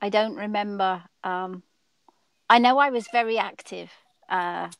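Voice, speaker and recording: A woman's voice: medium pitch, a little slow, creaky, a bit bright, clean tone, no echo, rough recording. A woman with an English accent, a guest on a casual livestream chat, talking in a chatty, affectionate way.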